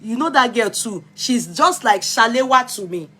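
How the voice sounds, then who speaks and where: Nigerian woman, Yoruba-tinged accent, a touch high-pitched; blunt, emphatic live-stream host. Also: animated, normal speed, pushed and bright. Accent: Nigerian, Yoruba-inflected. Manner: blunt, emphatic, answers viewers' comments directly. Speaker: vlogger reviewing films. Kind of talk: casual live-stream chat.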